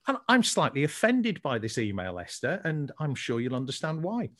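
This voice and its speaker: A man with a Scouse accent co-hosting a casual podcast chat, telling stories in a chatty, animated way. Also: fairly high pitch, normal speed, few pauses. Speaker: co-host.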